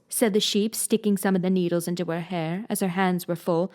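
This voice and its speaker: A woman reading a classic storybook aloud, narrating in an expressive, gently dramatic way. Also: lowish voice, a little fast, few pauses. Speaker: reader.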